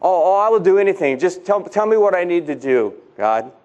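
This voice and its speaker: Preacher putting on a panicked cliff-hanging man, high-pitched, stammering, pleading. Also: expressive, takes it slowly, dull audio, full character voice. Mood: frantic pleading.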